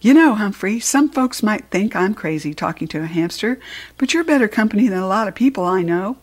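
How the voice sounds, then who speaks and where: A woman reading a storybook aloud, voicing a loud, cheerful male night janitor in a raised, jovial voice. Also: animated, fairly quick, natural voice. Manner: booming, jovial, high and bright.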